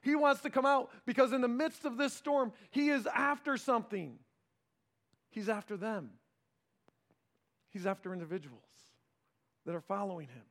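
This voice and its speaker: Male preacher with a high voice; dynamic sermon delivery that swings loud and soft and acts out quoted lines. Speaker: pastor.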